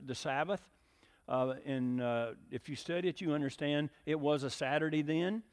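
A man preaching a sermon in a conversational way, often asking the congregation questions. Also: on the high side. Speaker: pastor. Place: church sanctuary. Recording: long hall reverb.

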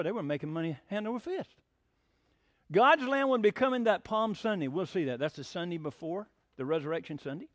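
Man preaching a sermon, high lively voice, folksy storytelling, dry close sound. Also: no echo. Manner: folksy, animated preaching with rhetorical questions. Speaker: pastor.

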